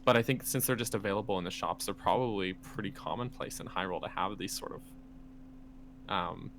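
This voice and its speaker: A man's voice: lowish voice, fairly bright tone, a little hiss or hum. A man co-hosting a gaming podcast in casual chat, rambling and laughing often, with plenty of fillers. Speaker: podcast co-host.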